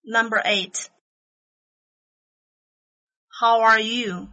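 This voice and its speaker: A woman reading numbered items from an English listening test, each phrase slow, carefully spaced and evenly paced. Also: a little high, fairly even intonation, pushed and bright, dull audio.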